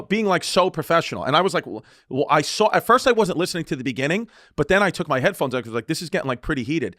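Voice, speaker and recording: A man's voice: fairly high pitch, expressive, rapid-fire, few pauses, a bit bright, no room sound, clean studio sound. A man co-hosting a podcast, telling rambling, swearing anecdotes in casual comedic chat. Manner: rambling, swearing, restarts, laughing retellings. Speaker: podcast co-host.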